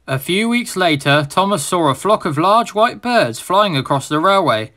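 A man reading a children's storybook aloud as narrator, in a steady, expressive manner. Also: sits high, normal speed, few pauses.

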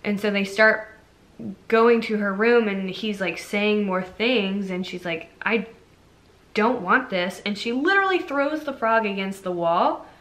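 A woman's voice: mid-range voice, lively intonation, unhurried, a bit bright. A young adult woman retelling a fairy tale for a movie review vlog, chatty and full of fillers. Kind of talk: casual storytelling review.

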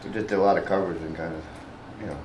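Easygoing guitarist, lowish voice, echoey room. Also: male voice, steady tone, very fast, a crowd in the background. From the Bronx. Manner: easygoing, reminiscing. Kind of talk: casual oral-history interview. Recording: roomy echo with faint background noise.

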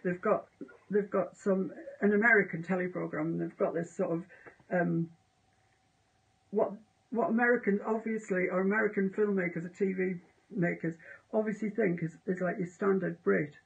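A woman's voice: mid-range voice, steady tone, normal speed, gravelly, breathy edge. A woman demonstrating painting on a live stream, chatting casually and trailing off mid-thought. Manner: chatty, self-amused, trails off mid-sentence. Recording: dull lo-fi live stream audio.

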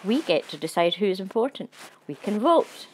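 An excitable, clever good dog with a bright idea, insistent and eager, voiced higher and louder by a woman reading a storybook. The words tumble out with urgency. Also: moderate pace, slight background noise, lightly acted. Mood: excited.

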